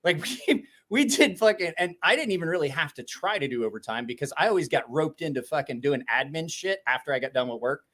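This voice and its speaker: A man's voice: a little high, expressive, fairly quick, hardly any pauses, a bit bright. A man in his forties telling rambling stories in casual, profane chat, swearing constantly and laughing often. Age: 40s. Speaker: podcast host.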